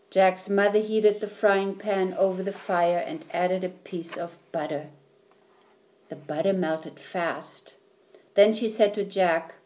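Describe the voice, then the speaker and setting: A woman reading a children's story aloud, slowly and clearly. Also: lowish voice, steady tone, a little mellow. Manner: slow, clear, deliberate reading.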